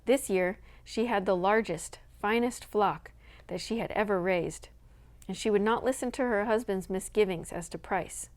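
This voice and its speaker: A woman reading a children's novel aloud in an even, measured storytelling manner. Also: medium pitch. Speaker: storybook reader.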